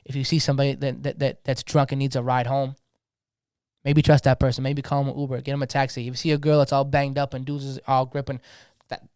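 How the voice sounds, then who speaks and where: A man's voice: mid-range voice, level tone, fast, darkish tone, smooth, dry recording, clean studio sound. A young man, talking passionately in a slangy, casual podcast conversation, often repeating words as he gets going. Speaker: DJ guest.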